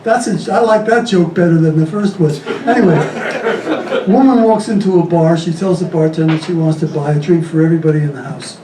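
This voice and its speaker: Stand-up comic, male, deadpan joke-teller, high voice, echoey club, distant mic, faint room hum. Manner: deadpan, rapid-fire one-liners, chuckles at his own jokes. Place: comedy club stage.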